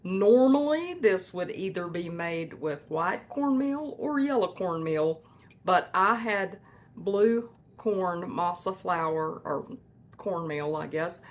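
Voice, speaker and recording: Slow-talking woman, folksy. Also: lowish voice, lively intonation. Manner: folksy and chatty, talks to viewers as folks. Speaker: homestead cooking channel host. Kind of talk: casual cooking vlog. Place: home kitchen.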